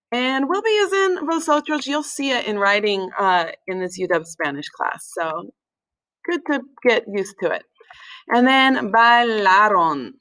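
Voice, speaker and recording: Woman, teacher, recorded lesson, slightly high voice, slow, relaxed, many fillers. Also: poor audio. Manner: relaxed, with many fillers, slows to spell out words. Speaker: Spanish teacher.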